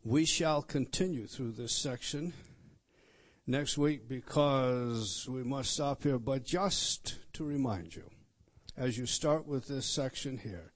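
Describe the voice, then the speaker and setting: A man's voice: mid-range voice, slow. A man, a pastor preaching a sermon as he walks through a text, repeating words and stressing key points. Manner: repetitive, emphatic teaching, pointing out words on a text. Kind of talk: expository sermon.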